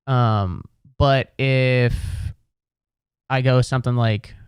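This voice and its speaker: Ohio guy, solo comic podcast rant, rambling and profane, smooth voice, dry close mic. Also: mid-range voice, fairly even intonation, takes it slowly, no room sound. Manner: rambling, profane, full of restarts. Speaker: podcast host.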